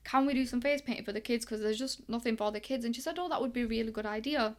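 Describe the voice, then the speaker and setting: A woman's voice: a little high, fast talker. A young woman from England, telling stories in a casual interview and acting out the dialogue. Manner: chatty, lively, acts out quoted dialogue. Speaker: guest, boxing coach.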